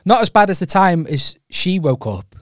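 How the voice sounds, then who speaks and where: A man's voice: sits high, sing-song, normal speed, no room sound, studio quality. A young Welsh man co-hosting a podcast, telling rambling stories in a casual chat and laughing often. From Wales. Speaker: podcast co-host.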